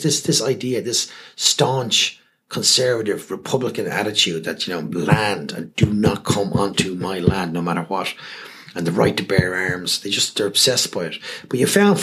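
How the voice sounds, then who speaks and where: A man's voice: low voice, fairly bright tone. A man telling stories in a casual interview, acting out the people he quotes and swearing freely. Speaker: guest, television presenter. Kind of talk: casual anecdotal interview talk.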